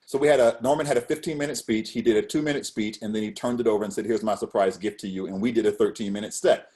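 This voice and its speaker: A middle-aged man telling stories in a casual interview as a guest speaker. He acts out quotes with lively shifts. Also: medium pitch, racing. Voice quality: animated storyteller, acts out quotes.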